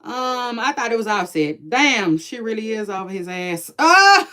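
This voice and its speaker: Reacting to celebrity gossip on a live stream, this commentary vlogger, a woman with kids, talks casually and bluntly with frequent laughter and slang. Her voice is medium-pitched, unhurried and a bit bright.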